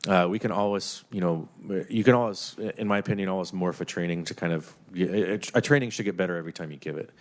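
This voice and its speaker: Very low-voiced man giving IT training. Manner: halting, many fillers and restarts. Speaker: IT trainer presenting to committee. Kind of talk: committee presentation.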